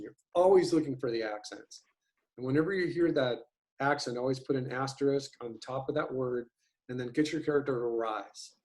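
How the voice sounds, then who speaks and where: His mid-range voice is a little mellow as he chats on a video call. He's in his fifties and teaches animation, and his talk rambles and halts, full of fillers, ums and restarts.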